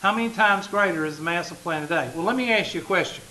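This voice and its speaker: A man's voice: sits high, fast talker, pushed and bright, slight background noise, rough recording. A man, a math teacher talking casually and joking with his class in a classroom. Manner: joking, folksy, talks straight to the class.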